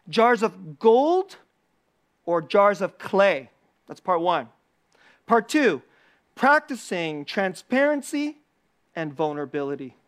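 A preacher with a weekly video channel gives a casual, animated sermon, repeating key phrases and laughing often. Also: medium pitch.

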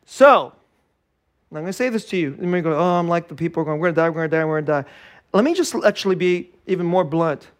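Guy pastor preaching, higher voice, gets really animated and acts stuff out. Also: fast talker. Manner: animated, acts out scared and joyful voices, laughs often. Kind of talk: sermon.

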